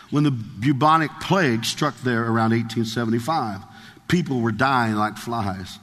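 A man's voice: medium pitch, fairly bright tone, long reverb tail. A male preacher delivering a sermon, reading a story aloud in an earnest, emphatic way.

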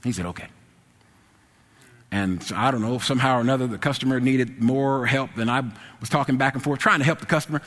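This is a man telling a personal story before an audience, his voice sitting at an ordinary middle pitch. He is animated, sliding from low, hesitant mumbles up to loud, excited exclamations. The sound carries a long reverb, as if spoken in a large hall. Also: fairly quick. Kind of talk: personal anecdote told to an audience.

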